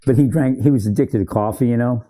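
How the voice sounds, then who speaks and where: A military veteran casually tells old army training stories, rambling, correcting himself, and laughing often. His voice is mid-range and mellow, and he talks fast.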